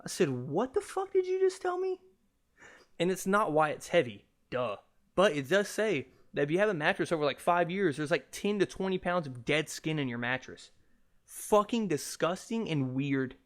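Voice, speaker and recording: A man's voice: on the high side, moderate pace. A young man hosting a solo podcast, ranting casually, with lots of swearing and jokes. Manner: profane, animated, jokey. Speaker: podcast host.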